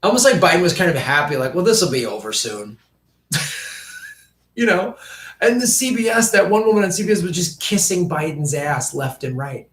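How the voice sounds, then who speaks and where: A man ranting through casual political commentary, profane and mocking, slipping into quick impressions of politicians. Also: high-pitched, animated, fairly bright tone, reverberant.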